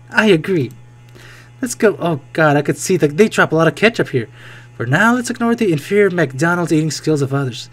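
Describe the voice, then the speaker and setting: Excitable young man doing let's play commentary. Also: on the high side, a little fast. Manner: excitable, joking, swears freely, reacts loudly. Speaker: gaming video host.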